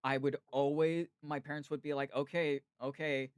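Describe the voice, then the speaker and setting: A man's voice: on the high side, little pitch movement, a little fast, smooth, dry recording, studio quality. A man from the United States hosting a podcast, chatting casually and telling long, rambling stories. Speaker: podcast host. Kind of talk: casual chat.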